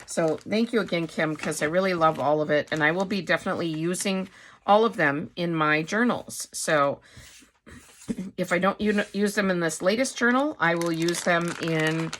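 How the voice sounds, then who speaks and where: A woman's voice: fairly low pitch, moderate pace. A middle-aged woman casually showing craft supplies, chatty and rambling, with many fillers and self-corrections. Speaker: craft vlogger. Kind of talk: casual show-and-tell chat.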